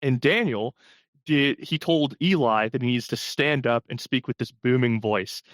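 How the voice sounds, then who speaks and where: A man's voice: medium pitch, unhurried, dry recording. A man co-hosting a podcast, casually discussing films and retelling scenes with animation. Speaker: podcast co-host.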